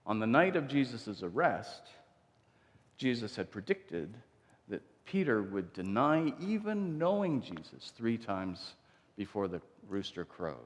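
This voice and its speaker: A pastor preaches in a church sanctuary, his lowish voice very animated yet unhurried. He tells the story conversationally and acts out the quotes, with long church reverb on the recording.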